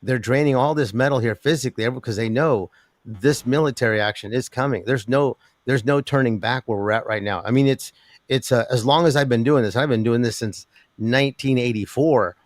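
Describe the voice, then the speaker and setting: An older man, a guest in an interview talking about metals markets, who rambles with an animated delivery, many restarts and laughs. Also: medium pitch, fairly quick, no echo. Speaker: precious metals commentator.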